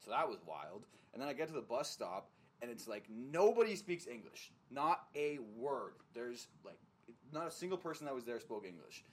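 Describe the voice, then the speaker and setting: Young male podcast co-host, mid-pitch, loose profane storyteller. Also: moderate pace. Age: young adult. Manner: animated, profane storytelling with lots of fillers. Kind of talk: casual storytelling chat.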